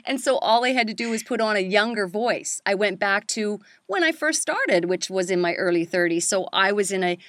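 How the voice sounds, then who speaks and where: A middle-aged woman hosting a casual chat about voice-over work, animated and quick to laugh. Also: medium pitch, no echo, clean studio sound. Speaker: voice-over coach and host.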